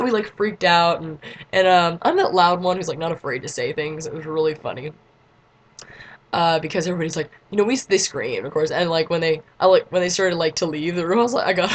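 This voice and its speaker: A teenage girl telling a story to her camera in a casual vlog. She chats and giggles along and leans on "like" constantly. Now and then she breaks into excited squeals. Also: fairly low pitch, a little fast. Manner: chatty and giggly, lots of "like", squeals in quotes. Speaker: vlogger.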